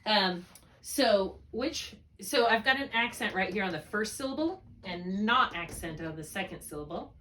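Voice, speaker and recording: A woman's voice: medium pitch, animated, normal speed, bright, forceful tone, far from the mic, a little hiss or hum. A woman tutoring a student one on one, explaining spelling rules patiently step by step and checking often that it makes sense. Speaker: reading tutor.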